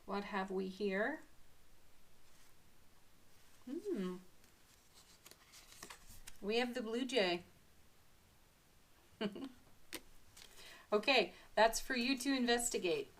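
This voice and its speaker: A woman's voice: on the high side, expressive. Giggly upbeat woman reading tarot. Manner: soft affirmations with drawn-out pauses. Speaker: tarot reader. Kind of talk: daily tarot card reading.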